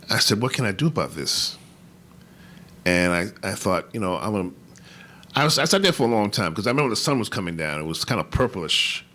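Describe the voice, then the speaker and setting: A man on a conference panel telling a personal story, halting and emotional, with many restarts and fillers. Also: low voice, bright, forceful tone. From New York. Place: conference hall.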